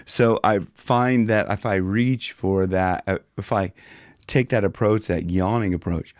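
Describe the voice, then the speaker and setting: A male vocal coach chatting casually through a singing lesson at home, self-mocking between high, yawning demonstrations. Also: unhurried, no echo, studio quality. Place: home room with guitars.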